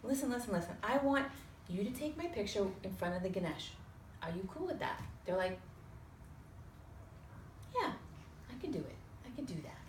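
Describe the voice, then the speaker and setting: Animated woman telling a story. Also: mid-range voice, normal speed, pauses often. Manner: animated, acts out other voices, swears casually. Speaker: storyteller on a talk show. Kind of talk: lively personal storytelling. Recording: roomy sound from a distance with faint noise.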